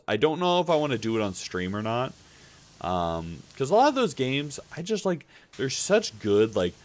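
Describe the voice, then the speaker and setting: Male streamer, low-ish voice, casual rambling chat, loose with swear words. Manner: rambling, lots of fillers and restarts, swears freely.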